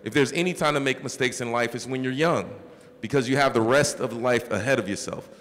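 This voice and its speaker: This thirties-aged mayor speaks a little fast, with a medium, slightly bright voice, offering young townhall listeners sincere, upbeat guidance and frequently asking "right?". Hall reverb echoes through the large school space, and there's a little hiss or hum.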